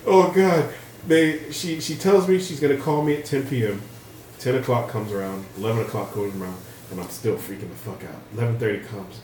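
A young man co-hosting a podcast, chatting casually and telling stories animatedly, swearing and jumping his voice high when he quotes people. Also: fairly quick, darkish tone. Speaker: podcast co-host. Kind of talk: casual chat, storytelling. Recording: roomy room, voice slightly off-mic, faint noise.

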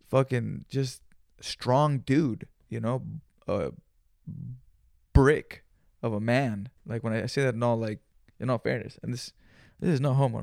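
Gravelly man telling a slangy story. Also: mid-range voice, dry recording, clean studio sound. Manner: animated, profane and slangy, sprinkling in Spanish words. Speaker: podcast host. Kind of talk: casual storytelling monologue.

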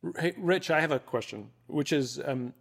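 A man co-hosting a podcast with a voice of ordinary pitch. He asks his question slowly and with care. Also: vocal fry. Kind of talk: asking an interview question.

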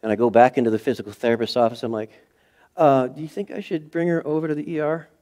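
Man preaching an animated sermon. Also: medium pitch, fast talker. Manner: animated storytelling, acting out scenes with sudden shifts in loudness. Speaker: pastor. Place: church sanctuary.

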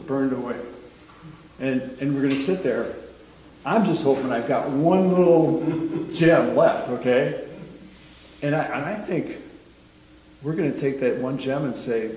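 A man's voice: medium pitch, measured pace, long pauses, a little hiss or hum. Chatty man teaching scripture in a roomy hall. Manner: relaxed and chatty, often checks in with "okay?". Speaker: Bible study teacher. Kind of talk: conversational Bible teaching. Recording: roomy sound from some distance off the mic.

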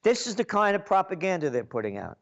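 A man's voice: high-pitched, very animated, fast, fairly bright tone, highs cut off. A man giving an indignant, repetitive political rant as a commentator.

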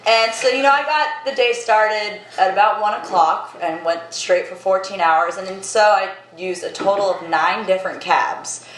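A young woman telling a lively anecdote on a casual podcast. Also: mid-range voice, moderate pace, hardly any pauses. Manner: animated anecdote teller. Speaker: podcast segment presenter. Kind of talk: casual storytelling. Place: apartment room. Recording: echoey room, faint noise.

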